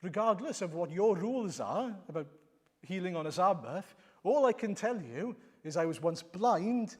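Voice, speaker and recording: A man's voice: high voice, expressive, moderate pace, a little mellow, slightly rough. Healed blind man voiced by a male preacher, challenging, raised voice, long echo. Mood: insistent. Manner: emphatic, challenging. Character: blind-born man, newly healed, bold and exasperated. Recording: long reverb of a church hall.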